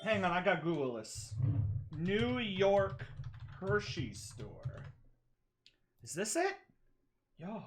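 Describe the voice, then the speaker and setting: Excitable streamer over background music. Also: medium pitch, takes it slowly, long pauses. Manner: excitable, swings between loud gushing and mumbling. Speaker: live streamer. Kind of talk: casual reaction commentary. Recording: clear music under the voice.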